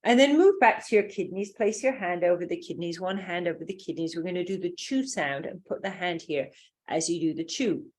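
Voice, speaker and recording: A workshop teacher from England leads a group lesson in a British accent, her explanations loose, rambling and full of fillers. Her voice is lowish and her pace brisk.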